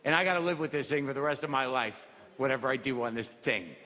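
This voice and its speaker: A man's voice: medium pitch, quick pace, bright, forceful tone. A middle-aged man doing a stand-up routine, rambling and self-deprecating in a wry, neurotic way. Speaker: stand-up comedian. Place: stage in a theater. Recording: live theater with crowd and reverb.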